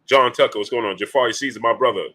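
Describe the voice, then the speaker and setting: Casual male livestream host, bright forceful voice, breaks off to shout out chat viewers. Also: medium pitch, quick pace, low-quality recording. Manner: greets viewers by name between points, many fillers. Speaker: boxing talk livestream host.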